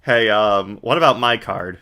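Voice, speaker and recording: A man reading a young male defense lawyer from a video game in a flat, deadpan monotone. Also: lowish voice, a little slow.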